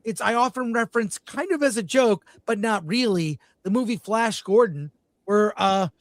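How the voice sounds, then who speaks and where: A man hosting a casual film-talk panel, speaking in an animated, enthusiastic way. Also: high-pitched, moderate pace, no room sound. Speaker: show host.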